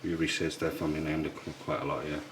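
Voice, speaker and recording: A man quietly explaining history as he walks visitors through a museum in an old priory. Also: flat delivery, very fast. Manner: hushed, low-key explaining. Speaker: history tour guide. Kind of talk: walking tour vlog. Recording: echoey room with background noise.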